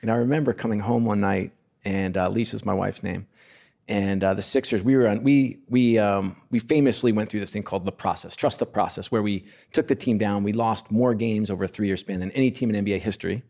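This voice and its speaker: A middle-aged man on a podcast, telling stories in an earnest, animated way and acting out the dialogue. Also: lowish voice, a little fast, gravelly. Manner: earnest, animated storyteller who acts out quoted dialogue. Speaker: podcast guest. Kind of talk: casual conversational storytelling.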